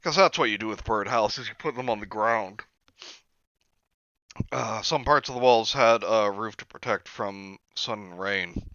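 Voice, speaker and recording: A man's voice: lowish voice, unhurried, sharp tone, smooth, dry recording. A man reading a story aloud for comedy, with sarcastic asides, on a slightly dull lo-fi recording. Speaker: reader.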